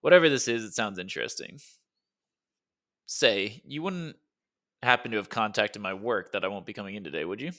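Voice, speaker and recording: A man voicing a sarcastic young man in an audiobook who talks fast when he is flustered. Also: lowish voice, expressive, fairly bright tone. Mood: wry.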